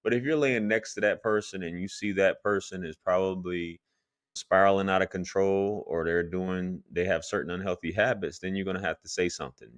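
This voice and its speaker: A man commenting on a clip and giving calm advice about relationships. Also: deep voice, fairly quick, no room sound, clean studio sound. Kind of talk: reaction commentary.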